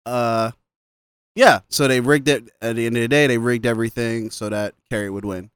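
A man's voice: medium pitch, fairly even intonation, normal speed, fairly bright tone, smooth, dry recording, clean studio sound. A man casually recapping a film on a podcast, laughing often and quoting the characters as he goes. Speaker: podcast co-host. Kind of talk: casual movie recap chat.

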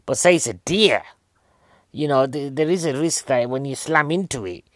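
A man's voice: medium pitch, animated, moderate pace, no room sound. Chatty man recapping a film. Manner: rambling, chatty, keeps asking "right?" and rhetorical questions. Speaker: film reviewer. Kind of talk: casual comic film recap.

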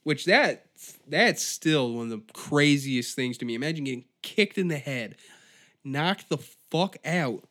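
A man's voice: a little high, expressive, measured pace, sharp tone. A man hosting a podcast, ranting on his own in a profane, rambling, exasperated way. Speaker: podcast host. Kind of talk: solo comedic rant.

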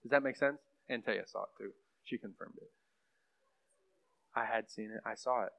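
A man's voice: on the low side, normal speed, vocal fry, fairly bright tone. A young man teaching on prophecy in a casual, rambling sermon style, full of fillers and asides to the room. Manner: rambling, conversational, lots of fillers. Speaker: pastor teaching a class. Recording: muffled lo-fi room recording.

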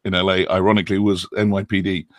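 A man's voice: low-pitched, flat delivery, quick pace, no room sound, studio quality. A middle-aged British man, an actor and former acting coach, explaining at length in a chatty, self-deprecating way with many ums. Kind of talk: interview answers.

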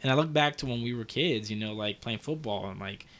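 A man's voice: mid-range voice, a little fast, a bit bright. A man in his thirties talking in a casual, heartfelt, rambling way, with lots of fillers and some swearing. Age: 30s. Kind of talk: casual conversation.

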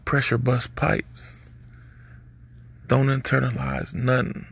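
Podcast guy, husky gravelly voice, laid-back preachy advice talk. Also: mid-range voice, measured pace, dry recording. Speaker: podcast host. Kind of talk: casual advice monologue.

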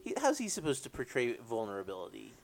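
A man's voice: medium pitch, wildly swooping pitch, quick pace, gravelly. A man chatting casually as a podcast co-host, laughing often and trailing off with fillers. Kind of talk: casual chat.

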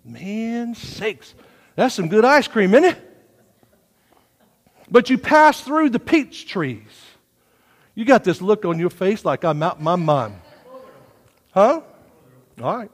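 Male pastor, folksy sermon, high and highly animated delivery, big reverberant church sound. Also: slow, long pauses, slightly rough. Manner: folksy, animated preaching with sudden swings from hushed to loud. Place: church sanctuary.

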